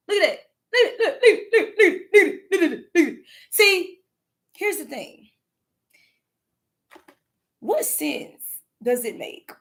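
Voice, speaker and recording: A woman with a Southern US accent, talking in a casual spiritual vlog, animated and profane, often laughing and repeating words. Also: high-pitched. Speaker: spiritual content creator.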